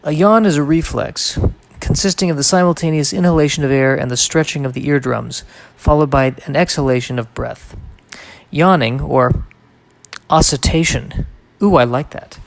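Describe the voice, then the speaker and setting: Guy doing a solo podcast, gravelly voice, rambly and wry, dry close sound. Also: fairly high pitch, moderate pace, dry recording. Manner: rambling, reads aloud and digresses with wry asides. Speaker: podcast host. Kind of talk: solo casual podcast monologue.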